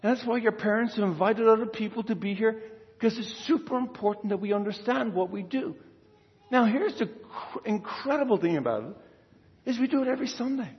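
High-voiced priest giving a homily to first communion kids, chatty, keeps asking them questions, long church echo, kinda dull sound. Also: male voice, a little fast. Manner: lively, conversational, quizzes the children.

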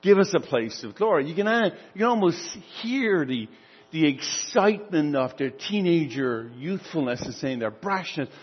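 Husky, high-voiced older male pastor. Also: big-room sound, highs cut off. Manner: storytelling, acting out dialogue. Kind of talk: sermon.

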